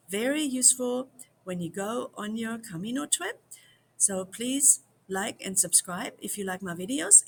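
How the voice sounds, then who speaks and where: A woman teaching phrases in a slow, patient drill, repeating each one several times. Her voice has a gravelly, creaky edge, and a faint hiss of noise sits behind her. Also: mid-range voice. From United States. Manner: drills phrases slowly, repeats them for viewers. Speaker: language teacher. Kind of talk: slow repeat-after-me language lesson.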